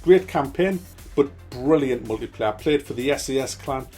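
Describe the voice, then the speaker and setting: Excitable swearing man ranting about old games. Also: mid-range voice, normal speed, soft background music. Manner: excitable, swearing, repeats game titles. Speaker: gaming channel host. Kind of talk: nostalgic ranting monologue.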